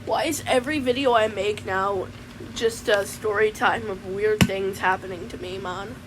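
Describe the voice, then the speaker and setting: In a natural, mid-range voice at normal speed, a woman plays a laid-back young man with a mullet, spinning a rambling comic story in character and ending nearly every sentence with "man." Her intonation stays fairly even, and there's noise in the background.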